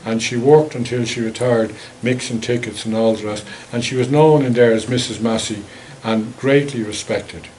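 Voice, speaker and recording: A man's voice: mid-range voice, fairly even intonation, moderate pace, few pauses, darkish tone, a little hiss or hum, rough recording. A man with an Irish accent giving a local history talk with slides, telling stories in a chatty, wry way. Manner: anecdotal, chatty, wry asides.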